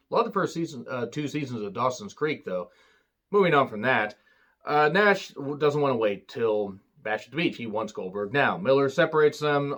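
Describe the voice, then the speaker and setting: Sarcastic man recapping wrestling. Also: mid-range voice. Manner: sarcastic, swears freely. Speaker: wrestling reviewer. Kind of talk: casual recap commentary.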